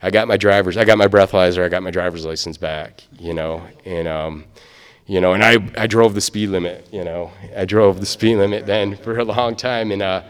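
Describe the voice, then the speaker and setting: A man's voice: deep voice, fairly even intonation, a little fast, clear, resonant tone. Man from Michigan, recovery speaker, rambling and filler-heavy, echoey hall recording. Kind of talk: personal testimony storytelling.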